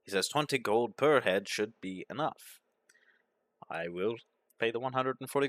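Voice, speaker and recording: A man narrating a game playthrough, reading its events aloud in a deadpan manner. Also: mid-range voice, normal speed, dry recording. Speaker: gaming commentator.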